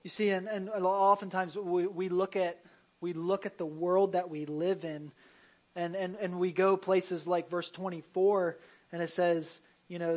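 High-voiced man preaching a sermon. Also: flat delivery, unhurried, low-quality recording. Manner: conversational preaching with repeated restarts and sudden loud emphasis; jokey asides to the congregation. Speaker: pastor.

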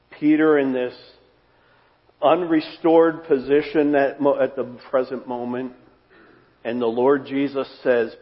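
A man preaching a sermon as pastor, earnest and repeating phrases for emphasis, his voice trailing off softly at the ends of phrases. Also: medium pitch, level tone, unhurried. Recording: dull sound with long hall reverb.

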